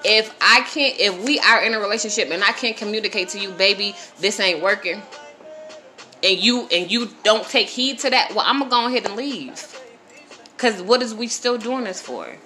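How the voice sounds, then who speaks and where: Blunt, bright-voiced woman lecturing her viewers. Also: fairly high pitch, animated, fairly quick, faint music behind. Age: around 40. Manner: blunt, profane, preachy, addresses viewers directly. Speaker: livestreamer giving advice. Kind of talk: unscripted live-stream talk to viewers.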